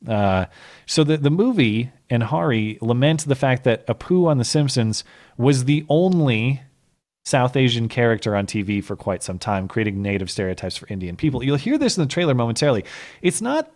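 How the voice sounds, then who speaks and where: A man hosting a podcast, explaining his point at length in an argumentative, conversational way. His voice sits at a typical male pitch, neither high nor low. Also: big pitch swings, normal speed, a little mellow. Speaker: podcast host. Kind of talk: casual political commentary.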